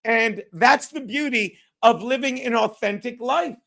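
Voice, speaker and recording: A man with a very high-pitched voice hosts a casual podcast. He talks in a brash, profane way and acts out other people's lines as he tells his stories. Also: unhurried, creaky, a bit bright. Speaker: podcast host. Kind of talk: casual chat.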